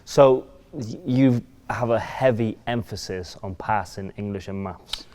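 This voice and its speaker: A man's voice: fairly low pitch, unhurried, darkish tone. A man hosting a podcast, cutting in with short, curious follow-up questions. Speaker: podcast host. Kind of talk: podcast interview.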